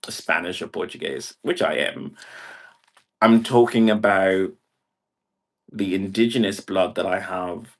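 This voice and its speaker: Slow, low-voiced rambling male streamer. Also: creaky, fairly bright tone. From Brazil. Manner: meandering, filler-heavy, 'like' in nearly every phrase. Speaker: livestreamer. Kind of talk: rambling livestream monologue. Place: indoor room.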